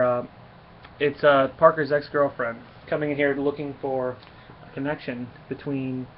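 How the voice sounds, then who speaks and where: A man casually reviewing a comic book, rambling along with lots of fillers and restarts. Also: fairly high pitch. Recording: dull lo-fi recording with faint hiss.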